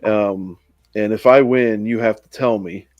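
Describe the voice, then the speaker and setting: Man, low voice, dry sound, casual plot recap, quoted dialogue. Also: fairly even intonation, unhurried, a little mellow, no room sound, dull audio. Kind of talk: casual book discussion.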